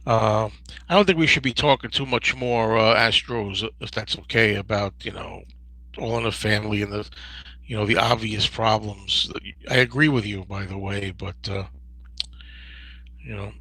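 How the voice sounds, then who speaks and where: A man in his fifties hosting a casual livestream Q&A, rambling and digressive with many restarts and a gravelly, husky voice. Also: lowish voice, steady tone, normal speed, sharp tone, dry recording, poor audio. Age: 50s. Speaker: host.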